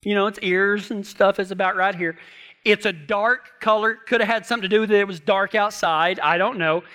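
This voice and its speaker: A man's voice: high-pitched, fairly even intonation, a little fast, bright, forceful tone. A man telling a humorous story in a folksy, joking way, with rural turns of phrase.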